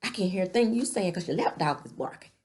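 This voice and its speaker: A woman putting on the voice of a blunt older mother who scolds in a sharp, cutting way. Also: on the low side, animated, fast talker, a little hiss or hum, close to an everyday voice. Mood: scolding.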